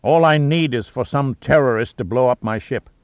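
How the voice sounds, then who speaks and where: Storybook: male reader voicing a curt, roaring sea captain, loud and gravelly, on muffled dry audio. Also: medium pitch, normal speed, dry recording, natural voice. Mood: gruff. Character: gruff bearded male naval captain, blustery.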